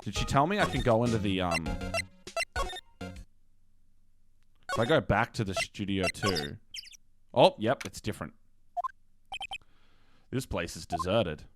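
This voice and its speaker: Male streamer, casual playthrough, chatty and mumbling, lively voice, game music underneath. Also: lowish voice, slow pace, long pauses.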